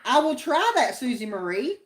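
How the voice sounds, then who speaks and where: Her voice sits high and is very animated at a moderate pace as this Appalachian-accented woman co-hosts a livestream. She reads out viewer comments and keeps the chat homey and folksy, recorded with a roomy echo.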